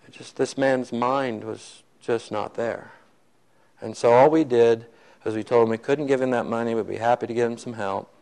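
A man's voice: medium pitch, steady tone, normal speed, creaky, a little mellow, rough recording. A man preaching, telling a story to his congregation and acting out the voices of the people in it. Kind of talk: sermon storytelling.

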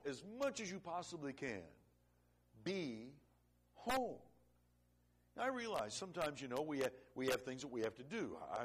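A middle-aged man preaching a sermon, earnest, swinging between loud emphasis and quiet, low-voiced stretches. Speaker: pastor.

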